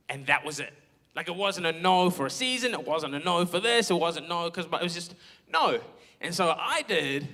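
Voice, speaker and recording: High-voiced young pastor telling a story. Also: male voice, sharp tone. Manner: candid, self-mocking storytelling with quoted asides. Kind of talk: sermon with personal story. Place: church auditorium.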